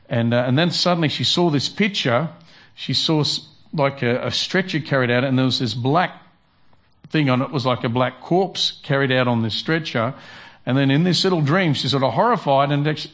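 Man preaching in a halting, chatty way. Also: medium pitch. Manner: conversational, halting preaching with many restarts. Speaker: pastor. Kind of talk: sermon.

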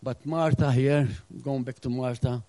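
A middle-aged male pastor preaching a sermon with earnest emphasis, now and then acting out scenes and dropping to a hush. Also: mid-range voice, fairly even intonation, a little slow, dry recording, low-quality recording. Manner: earnest preaching with acted-out asides, drops to a hush.

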